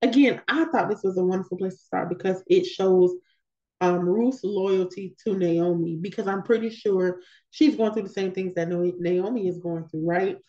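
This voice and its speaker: A woman's voice: mid-range voice, normal speed, dark tone, muffled recording. A woman leading a women's Bible study, reading scripture and talking it through in a conversational way with emphatic repetitions. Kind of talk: scripture reading with casual commentary.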